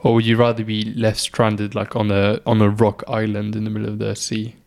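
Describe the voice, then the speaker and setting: A man's voice: fairly low pitch, monotone, brisk, creaky, darkish tone. Hesitant, musing podcast co-host man. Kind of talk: casual podcast chat.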